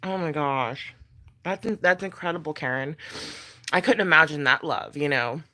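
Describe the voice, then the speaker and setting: A woman's voice: deep voice, moderate pace, pushed and bright. A pregnant woman vlogging in casual chat, blunt and chatty, swearing freely and laughing between thoughts.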